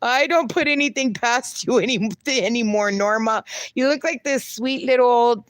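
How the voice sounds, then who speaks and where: A woman's voice: fairly high pitch, moderate pace, dry recording. A woman hosting a casual livestream, reading viewer comments aloud and teasing them with frequent laughter. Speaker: livestream host reading chat. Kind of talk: casual live chat.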